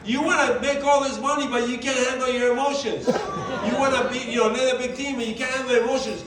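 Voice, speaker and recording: A man's voice: very high voice, steady tone, fairly quick, a crowd in the background, background noise. A man giving a motivational talk to a live audience. He is emphatic, repeats his key phrases and quizzes the listeners. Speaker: motivational speaker for a sales team. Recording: very echoey room, mic far off.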